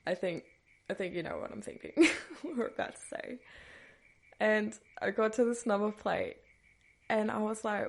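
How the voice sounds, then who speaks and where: A woman's voice: mid-range voice, normal speed, vocal fry, pauses often, darkish tone. A woman hosting a podcast, telling a personal story in a casual, chatty way, breaking into nervous laughs and trailing off with dismissive asides. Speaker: podcast host.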